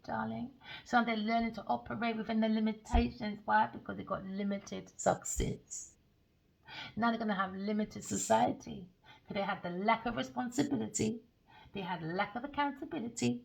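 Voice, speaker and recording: A woman reads tarot cards in a bright, sharp-edged voice. She talks scornfully and theatrically, peppering her reading with swearing. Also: a little high, vocal fry, rough recording. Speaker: tarot reader.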